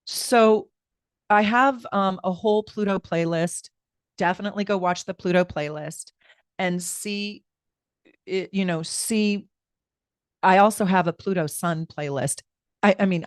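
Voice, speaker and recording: A chatty woman astrologer reads charts on a live stream from home, rambling and talking right to her viewers. Her voice sits fairly low, in a dry, close room. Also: dry recording. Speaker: astrologer giving live readings.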